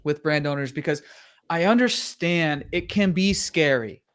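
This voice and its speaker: A man hosts a casual live stream in a fairly high voice. He gets hyped fast, drops slang and swears freely while he talks. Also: a bit bright, clear, resonant tone. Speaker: host of a live listing audit.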